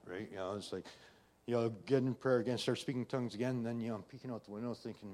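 A man's voice: mid-range voice, fairly even intonation, quick pace, a little mellow. A middle-aged man giving a personal faith testimony in a conversational way, often adding "right?" and "you know". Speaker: testimony speaker.

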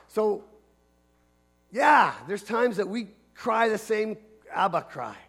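Male pastor, fairly high voice, earnest emphatic sermon, repeats key phrases. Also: expressive, takes it slowly, pauses often, fairly bright tone, slightly rough. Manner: earnest, emphatic preaching with repetition.

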